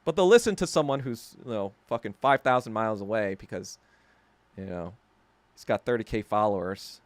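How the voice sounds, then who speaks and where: A man's voice: on the low side, normal speed, dry recording. A man hosting a podcast, telling a story in a heated, profane, sarcastic rant. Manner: sarcastic, laughing at himself. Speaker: podcast host. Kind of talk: casual rant.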